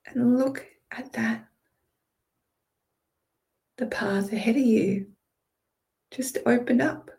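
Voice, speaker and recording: A woman leading a guided visualization in a drifting, playful way, moving between calm imagery and casual swearing. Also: on the high side, slow, gravelly, long pauses. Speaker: meditation guide.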